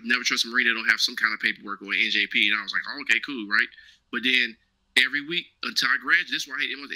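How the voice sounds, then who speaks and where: Fast, forceful man telling stories. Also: mid-range voice, rough recording. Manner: animated, slangy, acts out quoted dialogue. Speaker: guest, former Marine now cloud engineer. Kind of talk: casual storytelling interview.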